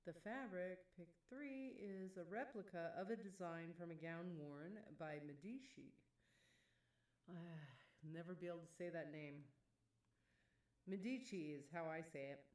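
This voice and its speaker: A woman's voice: lowish voice, unhurried, darkish tone, echoey room, recorded from a distance. A woman chatting casually on a live stream, reading chat messages aloud and laughing often.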